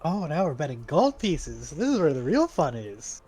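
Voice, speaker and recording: A man playing a tabletop game, speaking in a relaxed, dry way. His voice is mellow and dark, and a little high. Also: moderate pace, husky, faint music behind. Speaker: player. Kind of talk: casual chat at a tabletop game.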